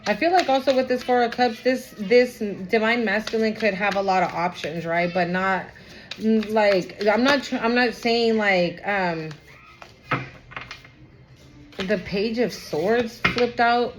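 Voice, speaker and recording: A woman's voice: medium pitch, unhurried. A woman giving a casual tarot reading to her viewers, chatty and emotional, often trailing off and restarting. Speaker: tarot reader. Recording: background noise.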